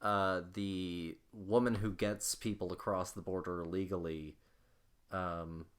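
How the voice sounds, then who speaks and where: A man's voice: low-pitched, fairly even intonation, a little slow. A man co-hosting a film podcast, explaining his thoughts on a movie in a thoughtful, casual way. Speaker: podcast co-host.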